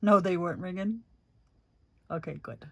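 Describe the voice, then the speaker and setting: A woman's voice: fairly low pitch, expressive, normal speed, gravelly, a bit bright, dry recording. A middle-aged woman hosting a crafting livestream, chatting casually and fondly, calling viewers honey and rambling with many fillers.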